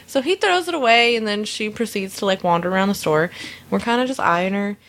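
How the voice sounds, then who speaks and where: A woman's voice: medium pitch, fairly quick. A woman casually telling a funny story about something that happened at work, acting out the people in it and laughing often. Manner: animated, acts out quoted voices, laughs often. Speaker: storyteller recounting a work incident. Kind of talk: casual anecdote.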